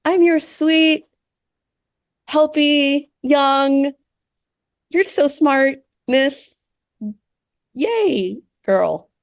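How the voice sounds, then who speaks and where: Sing-song female AI helper, bubbly and flirty, pitched high, as a woman puts her on. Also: animated, drawn-out words, pauses often, dry recording, clean studio sound, heavily acted. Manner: sing-song, sugary, eager to please.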